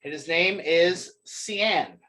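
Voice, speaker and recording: Man narrating as game master, a bit high. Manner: relaxed, halting, many ums.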